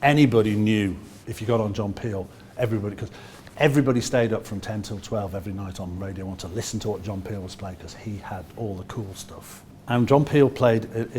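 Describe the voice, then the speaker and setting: A man in his sixties from Liverpool with a Liverpool accent, telling anecdotes in a lively way and acting out other people's voices with quick asides. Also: medium pitch, a little hiss or hum. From Liverpool, England. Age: 60s. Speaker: musician telling stories. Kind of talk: anecdotal storytelling.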